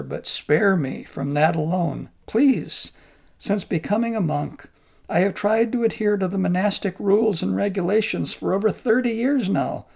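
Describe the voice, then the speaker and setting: A man voicing a humble monk, pleading earnestly in a gravelly voice. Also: sits high, darkish tone, heavily acted. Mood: begging. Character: humble pleading middle-aged male monk.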